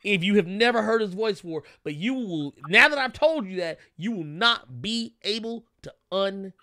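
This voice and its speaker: A man co-hosting a podcast, riffing in profane, animated casual commentary. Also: high-pitched, moderate pace, dry recording, clean studio sound. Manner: animated, swearing, laughing, mocking voices. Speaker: podcast co-host.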